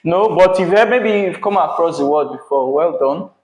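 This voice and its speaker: A man with a Nigerian English accent teaching a class, slow and patient, repeating key words. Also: a little high, a little mellow. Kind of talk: classroom lesson. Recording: echoey classroom.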